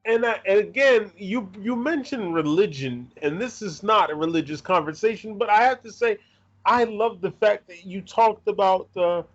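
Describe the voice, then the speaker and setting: A man's voice: sits high, moderate pace, highs cut off. A man in his thirties hosting an interview, eager and outspoken, gushing as a fan. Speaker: interviewer and channel host.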